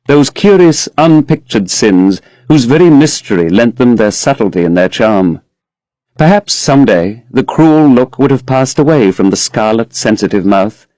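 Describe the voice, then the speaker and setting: A low-voiced man reads a classic novel aloud at a measured pace. His narration is expressive and close to the mic, in a dry room with no echo. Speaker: audiobook narrator. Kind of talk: audiobook reading of a classic novel.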